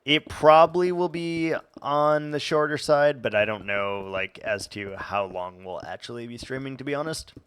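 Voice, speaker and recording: A man's voice: medium pitch, moderate pace, few pauses, fairly bright tone, clear, resonant tone. A young man streaming a game, chatting casually and rambling with stumbles and restarts. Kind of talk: casual gameplay chat.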